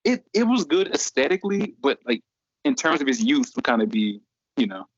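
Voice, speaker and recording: A young college man tells a story casually and with animation, acting out other people's voices when he quotes them. His medium-pitched voice is brisk with a breathy edge. The recording is dry and dull lo-fi, with no room sound.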